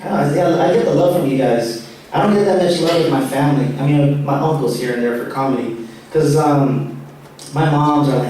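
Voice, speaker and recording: A man's voice: a little high, a little fast, a little mellow. A male stand-up comedian performing a rambling, chatty live set. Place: live comedy show stage. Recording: echoey room, far-off mic.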